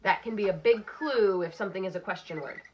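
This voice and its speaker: A woman teacher giving a recorded phonics lesson for children, slowly sounding out letters and words. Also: medium pitch, lo-fi sound, a little hiss or hum.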